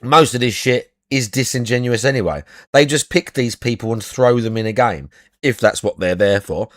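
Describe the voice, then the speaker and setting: A man's voice: mid-range voice, moderate pace, a bit bright, no echo, clean studio sound. A young adult man chatting casually as a podcast co-host, blunt and sweary, repeating his points. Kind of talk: casual chat.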